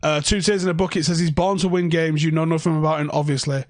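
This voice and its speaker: A young man rants through a casual livestream from his home. He swears freely and talks sarcastically. His voice sits a little higher than most men's. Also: fairly even intonation, fast talker, dry recording. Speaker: fan channel host.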